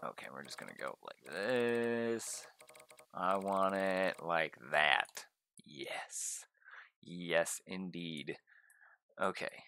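Excitable young man gaming on stream. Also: low-pitched, slow pace, gravelly, slight background noise. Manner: excitable, gushing, talks to viewers. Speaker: gaming YouTuber. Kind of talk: casual gameplay commentary.

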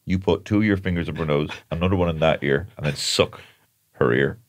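A man's voice: a bass voice, a little fast, no echo. An Irish man co-hosting a podcast, chiming in with dry, teasing remarks. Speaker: podcast co-host. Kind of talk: casual chat.

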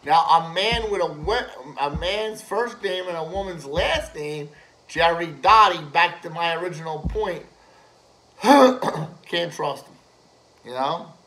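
Male ranter, high bright voice, slow unhurried delivery, crude and rambling, filler-laden. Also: poor audio. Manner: swears constantly, filler-heavy, laughs at own jokes. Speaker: host ranting to camera. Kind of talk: profane rambling rant.

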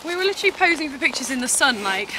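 A young Englishwoman talks in a high, light voice, encouraging and instructive as she coaches a nervous rider. She is recorded outdoors on a handheld camera, with clear wind and field noise behind her. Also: very animated, rapid-fire. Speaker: horse owner and channel host. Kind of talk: casual chat while coaching a rider.

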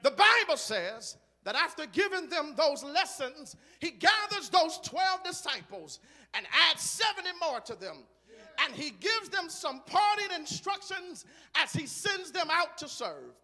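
Man, church preacher, very high voice, bright tone, rhythmic, builds to shouting. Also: very animated, a little slow, big-room sound, soft background music. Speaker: guest preacher. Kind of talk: sermon. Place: large church sanctuary.

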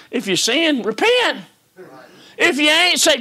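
A man preaching a sermon in a church service, folksy and full of rhetorical questions, swinging between hushed whispers and shouts. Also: very high voice, very animated, slow.

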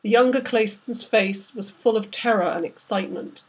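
A woman's voice: medium pitch, moderate pace, slightly rough. A woman, the author, reading aloud from her novel with vivid, dramatic storytelling. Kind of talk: literary reading.

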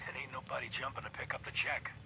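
A man's voice: mid-range voice, little pitch movement, fast, gravelly, over a noisy crowd, natural voice, poor audio. An actor playing a scheming male mob boss, talking smugly and menacingly in a recorded game audio log. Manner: smug, menacing.

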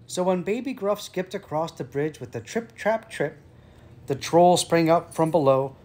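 Expressive male storyteller, children's book, voice a touch high. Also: a little slow. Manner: lively, expressive. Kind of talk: reading a children's story aloud.

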